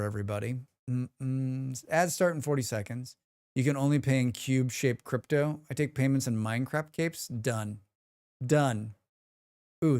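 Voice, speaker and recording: A man's voice: fairly high pitch, clean tone, no room sound, clean studio sound. A man streaming live, chatting casually and joking with his chat. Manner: rambling, joking, reacts to chat.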